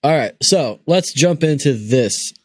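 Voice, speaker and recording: A young man hosts a casual podcast, his pitch jumping around animatedly as he jokes and curses. The sound is close and dry, with no room around it. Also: lively intonation, a little slow, no echo. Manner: profane, joking banter. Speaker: podcast host.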